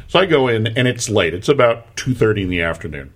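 A man's voice: on the low side, very animated, fast, husky. A man co-hosting a casual talk show, rambling through an anecdote with many restarts. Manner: rambling, restarts often, laughs through stories. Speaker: podcast co-host. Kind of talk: casual chat, storytelling.

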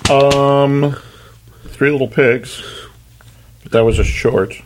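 A man co-hosting a casual chat who tells jokes and throws in quick wisecracks. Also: medium pitch, fairly even intonation, background noise. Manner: playful joke-teller, quick wisecracks. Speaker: co-host.

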